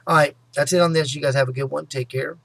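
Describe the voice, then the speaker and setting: A man with a gravelly, creaky voice talks casually to his viewers, rambling through a personal story. He keeps looping back with "anyway" and "you know" and sometimes speeds up and gets loud. The sound is close and dry, with no room echo. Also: a little high, steady tone. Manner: talks fast and loud at times. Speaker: vlogger.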